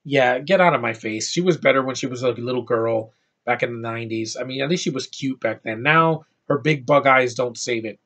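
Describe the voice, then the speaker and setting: Husky man ranting about movies. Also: medium pitch, a little fast, a bit bright. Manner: blunt, profane, rambling with restarts. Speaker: movie reviewer. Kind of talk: ranting film review.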